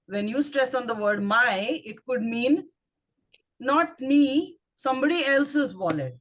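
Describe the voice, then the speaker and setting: A woman with an Indian English accent walks a speaking club through tricky words. Her voice sits slightly high, and she spells terms out letter by letter before testing the group with questions. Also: expressive, a little slow. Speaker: grammarian at a speaking club meeting. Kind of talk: instructive club talk.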